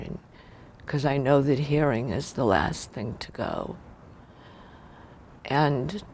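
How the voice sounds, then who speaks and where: A widowed woman recalling a loss in a documentary interview, speaking slowly and often sinking into a whisper. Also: a bass voice, a little mellow, slight background noise. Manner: slow, gravelly, often dropping to a whisper. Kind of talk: documentary interview, personal recollection.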